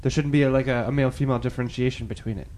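Male podcast host, middle-pitched, meandering, laughs between thoughts. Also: steady tone, racing, darkish tone. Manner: rambling, full of fillers, laughs a lot. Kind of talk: casual chat.

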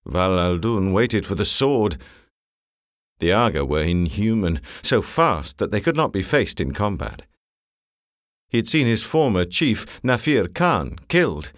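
A man narrating an audiobook in a measured, expressive storytelling manner, close to a studio mic. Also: on the low side, no room sound. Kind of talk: scripted narration.

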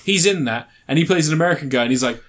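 A man's voice: fairly high pitch, expressive, racing, a bit bright. Rambling profane podcast host man. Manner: rambling, profane, retells scenes with silly voices. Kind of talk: casual chat.

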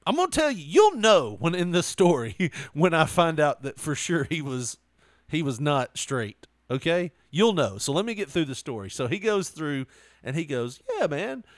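A man's voice: a little high, sing-song, moderate pace, no echo, clean studio sound. A man telling a story in casual chat, laughing often and acting out quotes.

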